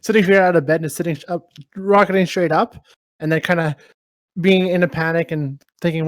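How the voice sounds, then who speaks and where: A man co-hosts a podcast in a quick, chatty way and laughs at himself. His voice is a bit higher than most men's and he talks fast. The sound is dry and close. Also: steady tone, no echo. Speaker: podcast co-host. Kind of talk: casual podcast chat.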